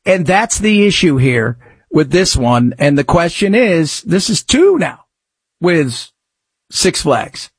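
A man's voice: a little high, very animated, slow pace, breathy edge, no room sound. A man hosting a talk radio show, chatting in a rambling, conversational way with emphatic rises, close to a studio mic. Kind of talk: casual talk radio commentary.

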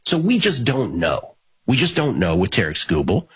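A man hosts a casual sports betting talk show. His voice is raspy and husky, and his pitch swings around a lot as he rambles and restarts his points. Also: wildly swooping pitch, normal speed.

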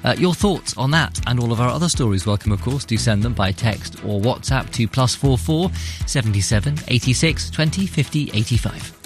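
A man's voice: medium pitch, expressive, fairly quick, over music. A man presenting a live radio news programme in a fluent, conversational way.

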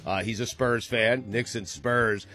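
A man's voice: lowish voice, steady tone, unhurried, bright, forceful tone, soft background music. A man hosting a casual sports talk show, leading the discussion and laughing often. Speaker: sports radio host.

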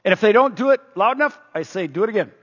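A man preaching a sermon as pastor, animated, quoting scripture aloud. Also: sits high, racing, slightly rough. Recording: roomy hall, dull lo-fi sound.

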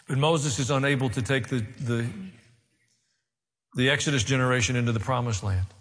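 A pastor preaching a sermon, with wry asides, building to raised, emphatic delivery. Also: male voice, mid-range voice, fairly quick, a bit bright. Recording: long hall reverb.

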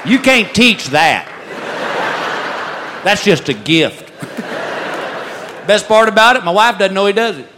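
A married man doing a stand-up comedy routine, with a dry, deadpan delivery as he tells his stories. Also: sits high, a little slow, long pauses. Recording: live club audience noise. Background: audience laughter.

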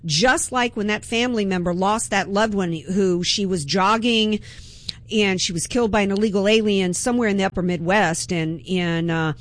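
A woman's voice: mid-range voice, moderate pace, dry recording. Impassioned woman hosting talk radio. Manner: impassioned, emphatic, with frequent restarts. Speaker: radio talk show host. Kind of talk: political talk radio monologue.

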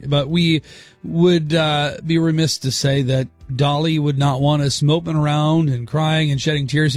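Male radio host, casual talk, mid pitch, dry booth sound. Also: no room sound. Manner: heartfelt, halting with fillers.

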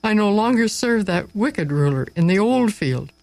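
Brief: earnest young freed slave, cries and pleads in a pitched-up voice, done by a male narrator. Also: animated, moderate pace, vocal fry, dry recording. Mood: joyful. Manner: shouting and pleading.

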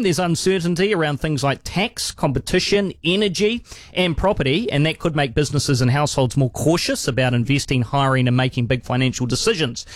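A man's voice: medium pitch, no echo, studio quality. A man with a New Zealand accent co-hosting an afternoon talk radio show, chatting casually and rambling with restarts. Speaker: radio co-host. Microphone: studio microphone.

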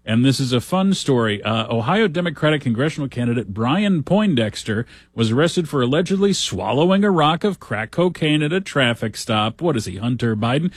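A man's voice: mid-range voice, lively intonation, fairly quick, few pauses, husky, no room sound, studio quality. A man hosting a talk show, reading news stories aloud with wry, sarcastic asides in a casual commentary style.

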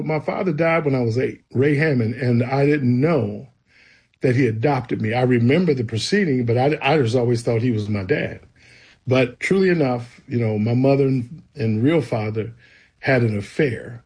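Husky man telling his story. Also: mid-range voice, normal speed, darkish tone. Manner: storytelling, earnest and emphatic. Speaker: guest. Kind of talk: personal testimony in conversation.

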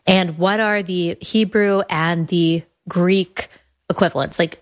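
Woman, young adult, host, earnest, enthusiastic, casual talk, slightly low voice. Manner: earnest, enthusiastic, restarts phrases. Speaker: podcast host presenting her app.

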